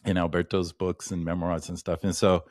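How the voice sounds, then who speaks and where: A man's voice: low-pitched, flat delivery, moderate pace, a little mellow, no room sound, studio quality. A man, a shamanic practitioner, talking as an interview guest and telling rambling stories with many restarts and asides. He livens up when he retells anecdotes. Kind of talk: casual interview storytelling.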